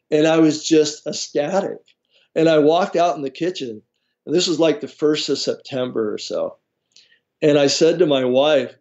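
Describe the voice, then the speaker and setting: A man's voice: a little high, highs cut off. A man telling a personal story as an interview guest, laughing often and acting out what others said. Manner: animated storyteller, laughs often, acts out quoted voices. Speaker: guest herbalist.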